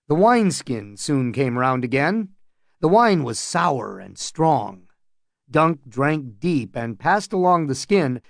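A man narrating an audiobook in calm, measured storytelling. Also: medium pitch, no room sound, clean studio sound.

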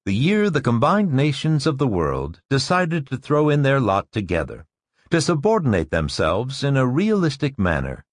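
A man's voice: mid-range voice, dry recording, clean studio sound. A man reading a story, voicing a confident male school director who lectures a class in a declamatory way.

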